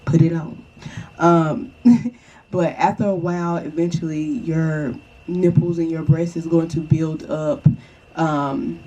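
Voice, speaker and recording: A woman's voice: deep voice, fairly even intonation, slow pace, dark tone, lo-fi sound. A young woman chatting casually and reassuringly to the viewer, often checking in with "okay?". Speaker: vlogger. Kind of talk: casual advice chat.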